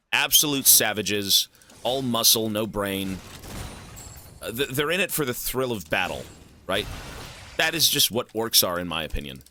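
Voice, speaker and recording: A male streamer rants in casual chat, opinionated and quick to swear. His voice has a very bright, cutting edge and swoops widely in pitch. The mood is loose and conversational. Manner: animated, opinionated rambling with frequent swearing. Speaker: game streamer. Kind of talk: casual chat while gaming.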